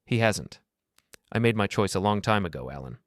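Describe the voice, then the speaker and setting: A man's voice: fairly low pitch, lively intonation, normal speed, no room sound, clean studio sound, close to an everyday voice. Man doing a firm, proud sister.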